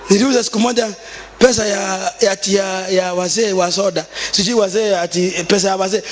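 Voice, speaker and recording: A Kenyan man preaching as a bishop, mixing Swahili with English and rising into shouted, sing-song passages. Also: sits high, in a large hall, a little hiss or hum. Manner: switches between Swahili and English. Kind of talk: sermon.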